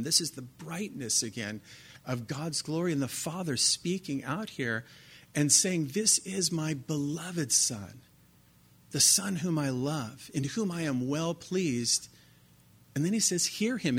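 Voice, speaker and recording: Middle-aged male pastor, mid-pitched, earnest conversational sermon delivery with rhetorical questions. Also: a bit bright.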